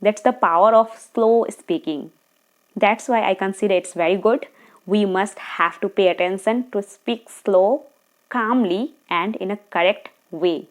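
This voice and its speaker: A woman giving earnest, encouraging speaking tips straight to camera, talking fast at times and checking in with her viewers. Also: medium pitch. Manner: talks fast, sometimes slows down deliberately. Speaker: English-speaking coach. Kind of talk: tutorial monologue to camera.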